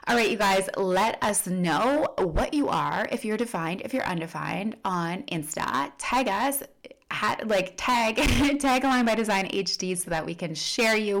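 A woman coach talking casually to her followers, full of "like" and "you know" fillers. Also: lowish voice. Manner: upbeat sign-off to followers. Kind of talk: casual teaching monologue.

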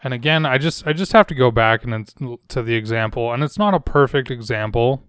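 A man's voice: mid-range voice, fairly quick, clean tone, no echo. A young man hosting a solo podcast, talking earnestly and searchingly into a close microphone. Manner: earnest, searching, soft-spoken. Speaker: podcast host. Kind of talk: solo reflective podcast talk.

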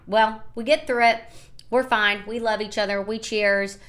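A woman in her thirties from the United States, hosting a podcast and telling a personal story in an animated, rambling way, often quoting what others said. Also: a little high, measured pace. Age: 30s. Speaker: podcast host. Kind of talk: casual storytelling monologue.

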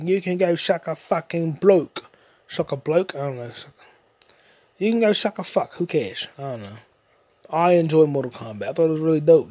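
A man's voice: a little high, darkish tone, dry recording. A man hosting a solo podcast, ranting in a crude, rambling, jokey way with bits of singing. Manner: profane, rambling, jokey, sings snatches. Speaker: podcast host.

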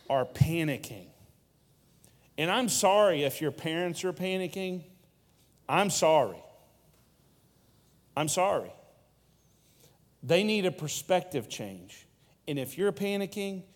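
A man's voice: a little high, long reverb tail. A male pastor preaching a sermon with rhetorical questions and playful asides.

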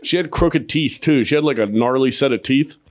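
A man with a middle-pitched voice hosts a podcast in loose, crude chat. He swears constantly, jokes crudely and tells rambling stories. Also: normal speed. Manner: profane, joking, storytelling. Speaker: podcast host; comedian.

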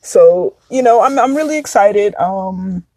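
A woman's voice: medium pitch, expressive, measured pace, warm tone, no echo. A woman in her thirties hosting a podcast, talking frankly and confessionally in a casual chat that drifts into tangents. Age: 30s. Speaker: podcast host.

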